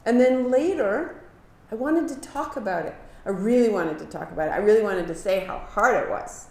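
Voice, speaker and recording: A woman teaching a live kundalini yoga class, giving calm movement cues and sharing earnest reflections. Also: mid-range voice, normal speed. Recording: echoey room.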